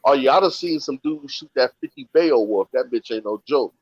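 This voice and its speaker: A man's voice: mid-range voice, expressive, normal speed, no room sound, highs cut off. A man in a casual chat, talking in slang with emphatic asides.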